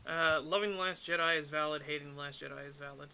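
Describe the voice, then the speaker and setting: A man's voice: on the high side, fairly even intonation, quick pace, gravelly, bright, forceful tone, smooth. A man hosting a stream, making dry, sardonic comments on a video. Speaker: stream host. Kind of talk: casual chat reacting to a video.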